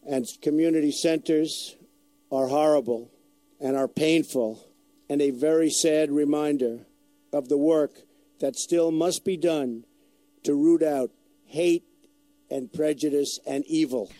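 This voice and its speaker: A man giving a formal public statement in slow, deliberate phrases, played as a clip. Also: fairly high pitch, mellow, no room sound. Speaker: politician.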